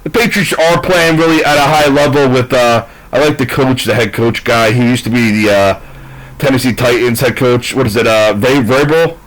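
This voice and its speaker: A sports commentator rants his way through a sports recap, profane, frustrated and rambling. He speaks at a moderate pace in a medium-pitched voice, and the recording is rough.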